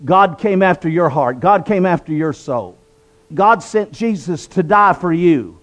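A little slow, with a high, fairly bright voice and lively intonation, this man tells his conversion story as a guest. He hails from southwestern Virginia and testifies earnestly like a preacher, repeating phrases for emphasis.

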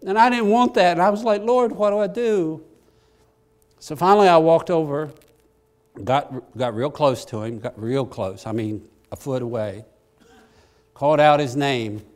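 A middle-aged man preaching, telling a personal story in a folksy, self-deprecating way that swings from hushed to excited. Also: mid-range voice, moderate pace. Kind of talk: sermon storytelling.

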